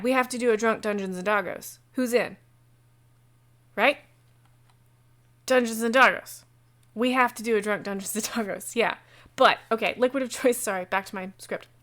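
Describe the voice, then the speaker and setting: A woman game master talking casually on a livestream about running a tabletop session, chatty and digressive, with quick asides. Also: medium pitch, fairly bright tone. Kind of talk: casual how-to talk on a livestream.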